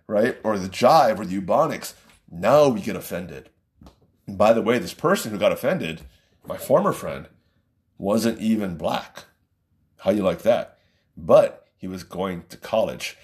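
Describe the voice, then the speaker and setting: A man's voice: medium pitch, darkish tone. A middle-aged man giving a casual, exasperated opinion rant, often repeating himself. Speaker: vlogger.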